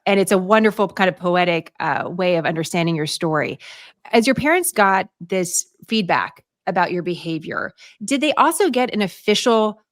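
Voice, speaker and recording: A woman's voice: on the low side, expressive, normal speed, no echo, studio quality. A woman hosting an interview, asking thoughtful, reflective questions. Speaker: interviewer host. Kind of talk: warm conversational interview.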